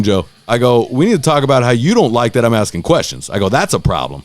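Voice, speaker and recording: A man's voice: mid-range voice, fast talker, dry recording. A man hosting a casual podcast chat who tells stories by acting out what people said, swearing freely and calling his friend bro. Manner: animated storyteller, acts out quotes in a raised voice. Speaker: podcast host.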